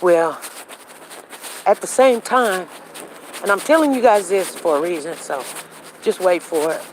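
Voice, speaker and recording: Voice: mid-range voice, animated, measured pace, pauses often, background noise. A show host telling a personal story in a casual, rambling way and acting out conversations. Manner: rambling with frequent restarts. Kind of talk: casual talk monologue.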